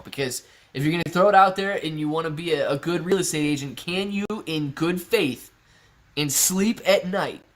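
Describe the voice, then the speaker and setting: A man hosting a casual livestream Q&A, reading viewers' comments aloud and answering in a chatty, laid-back way. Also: a little high. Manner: chatty, laid-back, often laughing, says "man" and "bro". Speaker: stock livestream host reading chat.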